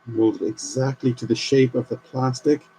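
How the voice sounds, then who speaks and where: A man talks his way through building a model kit on a live stream, musing aloud between fiddly steps. His voice is warm and mellow, with a faint hiss behind it from the home recording. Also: medium pitch, moderate pace, low-quality recording. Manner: chatty, thinking aloud while working. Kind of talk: casual live stream commentary.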